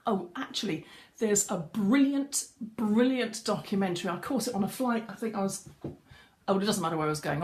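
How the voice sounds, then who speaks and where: A middle-aged woman giving a chatty live-streamed lesson as a voice coach, greeting viewers as she goes. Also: medium pitch. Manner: chatty, greets viewers mid-talk, frequent restarts. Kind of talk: facebook live coaching talk. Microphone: webcam or phone on a live stream.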